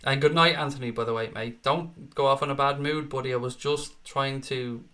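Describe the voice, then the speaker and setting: A man's voice: medium pitch, fairly even intonation, normal speed, a bit bright. Blunt, swearing Irish man. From Ireland. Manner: blunt, profane, reads out chat comments. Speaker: livestream host. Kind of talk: casual live-chat stream.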